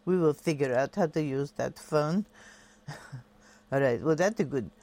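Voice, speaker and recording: A woman's voice: sits low, unhurried, mellow. Playful woman hosting call-in radio. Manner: playful, breezy, theatrical. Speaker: radio show host.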